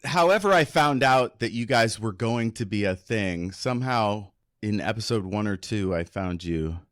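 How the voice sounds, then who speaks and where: A man's voice: fairly low pitch, animated, normal speed, fairly bright tone, no echo, studio quality. A man in his forties, a podcast guest, chatting casually in a rambling, hesitant way and often correcting himself. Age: 40s. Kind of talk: casual chat.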